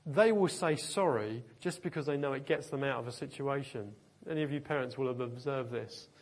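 A man preaching a sermon to his congregation, emphatic and lively, with humorous asides. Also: medium pitch, fairly quick. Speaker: pastor.

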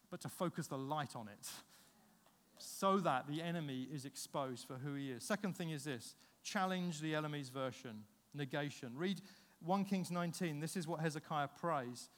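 Animated preacher man in a reverberant hall. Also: fairly high pitch. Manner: animated storytelling, acts out dialogue. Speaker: pastor. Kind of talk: sermon. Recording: long reverb of a large hall.

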